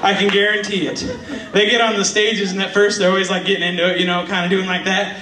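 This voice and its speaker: A man's voice: high voice, little pitch movement, fast. Breathless young man doing church stand-up. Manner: rambling, self-deprecating, laughs at own jokes. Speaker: stand-up comedian. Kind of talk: stand-up comedy. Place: church hall with live audience. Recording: echoey hall, mic heard from far off, audience noise.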